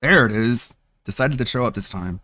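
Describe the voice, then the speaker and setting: A man's voice: medium pitch, lively intonation, normal speed, pushed and bright, no room sound. A man streaming, reacting to clips with sarcastic, mocking commentary and frequent laughs.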